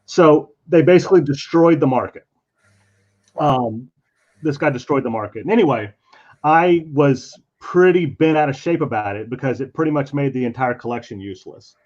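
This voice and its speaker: A man's voice: mid-range voice, moderate pace. A man, a comic artist, telling a convention story in casual chat and acting out the voices of the people in it. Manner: animated, acts out quoted voices. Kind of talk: casual storytelling while drawing. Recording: dull lo-fi stream audio.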